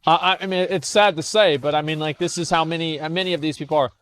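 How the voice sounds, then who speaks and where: A man's voice: a little high, fairly even intonation, brisk, smooth. A young man streaming casual commentary as he reads forum posts aloud, blunt and scornful, swearing, stammering and restarting.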